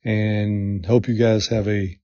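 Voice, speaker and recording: Middle-aged male podcast host, mellow dark tone, earnest repetitive coaching, muffled lo-fi sound. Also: on the low side, flat delivery, takes it slowly, no room sound. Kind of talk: motivational podcast talk. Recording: dull lo-fi sound.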